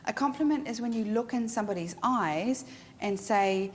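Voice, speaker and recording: A woman's voice: mid-range voice, normal speed. A middle-aged woman photographer teaching a workshop in her studio, speaking frankly and emphatically. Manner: frank, emphatic, animated storyteller. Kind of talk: instructional talk to a class. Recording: long hall reverb with faint noise.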